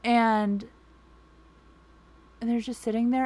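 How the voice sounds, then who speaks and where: A woman's voice: fairly high pitch, fairly even intonation, measured pace, long pauses, darkish tone, dry recording. A young woman chatting casually, rambling with lots of fillers and swearing freely as she gushes like a fan. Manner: gushing fan enthusiasm. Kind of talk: casual chat.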